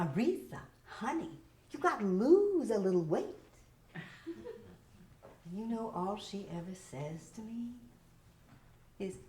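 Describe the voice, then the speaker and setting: A woman's voice: medium pitch, recorded from a distance. A woman voicing a brash, foul-mouthed female boss who barks orders, in a roomy live theater recording. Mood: gossipy. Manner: barking orders, profane, loud. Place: stage of a small theater.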